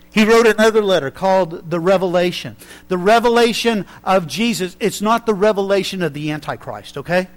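A man preaching a sermon, swinging from hushed, slow lines to loud, excited ones and acting out quotes. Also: sits high.

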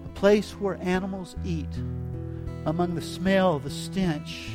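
A man preaching a sermon with dramatic delivery, swinging between hushed reflection and loud, emphatic passages. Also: high voice, slow, loud music behind the voice.

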